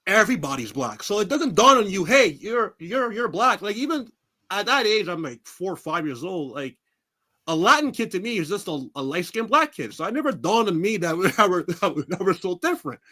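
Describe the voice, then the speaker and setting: A man from New York City tells stories as an interview guest, his voice high and bright. He is animated, jumps all over in pitch and acts out the people he quotes, often breaking into laughter. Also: brisk. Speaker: guest, pro wrestler. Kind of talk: casual interview storytelling.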